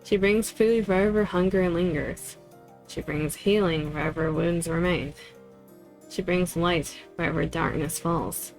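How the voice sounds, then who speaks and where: Female streamer, reads story slowly, lower voice, chatty asides. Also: darkish tone. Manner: unhurried, chatty asides between read lines. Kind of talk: reading a game story aloud with voices.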